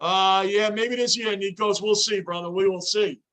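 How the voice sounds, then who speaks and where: A livestreaming man reacts to a hockey game from his basement, his high, bright voice jumping to shouts at penalties and saves. He greets chatters by name between calls. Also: normal speed. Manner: excitable, yells at the game. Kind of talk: live game reaction with chat shout-outs. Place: home basement.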